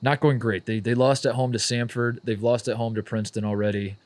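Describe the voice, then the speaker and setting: Male co-host, 30s, deadpan sports banter, mid-range voice, dry close mic. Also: medium pitch, fairly quick, no room sound. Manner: wry, deadpan joking, trailing off softly. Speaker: podcast co-host. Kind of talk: casual sports chat.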